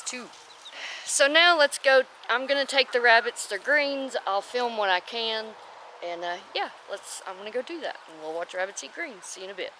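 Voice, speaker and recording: Bright-voiced woman chatting through farm chores. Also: on the high side, lively intonation, normal speed, slight background noise. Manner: chatty, often breaks off to coo at her chickens by name. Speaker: homestead vlogger. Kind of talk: casual chat while doing farm chores. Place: outdoors at chicken and rabbit pens.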